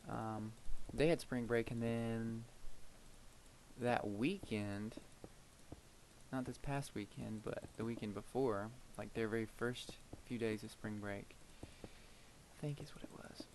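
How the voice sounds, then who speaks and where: A man's voice: medium pitch, fairly even intonation, slow, a little mellow, slight background noise. Rambling, chatty man talking while gaming. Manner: rambling and chatty, with frequent fillers and laughs. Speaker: gameplay video creator. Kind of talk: casual gameplay commentary.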